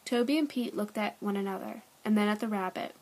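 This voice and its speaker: A woman's voice: mid-range voice, fairly quick, a little mellow, poor audio. A woman reading a children's book aloud, breaking off now and then for chatty asides. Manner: chatty asides, laughs at own tries. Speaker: storybook reader.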